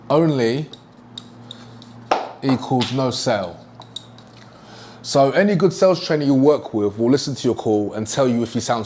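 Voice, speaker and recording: A man's voice: medium pitch, darkish tone, a little hiss or hum. A young man teaching a sales lesson at a whiteboard, emphatic and repeating his key points. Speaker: sales trainer.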